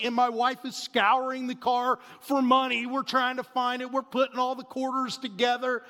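A man in his forties preaching a sermon, telling a family story in an animated way that swings between loud bursts and hushed asides. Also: very high-pitched, moderate pace. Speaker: pastor. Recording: reverberant hall.

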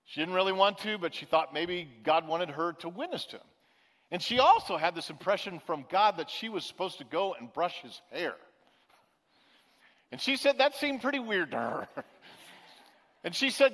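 High-voiced pastor preaching in an echoing hall. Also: male voice, very animated, moderate pace, fairly bright tone. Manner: conversational storytelling with emphatic repetition. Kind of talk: sermon.

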